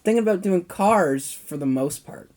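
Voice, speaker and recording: A man's voice: high voice, lively intonation, normal speed, a little mellow. A young man co-hosting a podcast, chatting casually and telling rambling, playful stories with acted-out dialogue. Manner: rambling, playful storyteller, acts out quoted dialogue. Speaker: podcast co-host. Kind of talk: casual chat.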